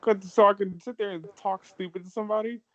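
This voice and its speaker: A man's voice: sits high, fairly even intonation, fast talker, sharp tone, muffled recording. A young man playing in a tabletop game, often exasperated and laughing, swearing casually. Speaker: player.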